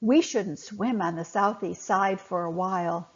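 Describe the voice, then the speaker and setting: A woman doing a keen boy fish, gentle and slow, breathy, lo-fi muffled sound. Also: medium pitch, natural voice. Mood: earnest. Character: young male fish, fast and eager. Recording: dull lo-fi recording.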